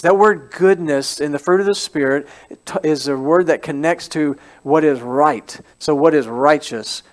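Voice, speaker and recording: A man with a high voice preaches to his church in a casual, animated way. He keeps throwing questions out to the people listening and repeats his main lines to drive them home. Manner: lively and conversational, asks the congregation questions and repeats key phrases. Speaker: pastor. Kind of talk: sermon. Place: church service.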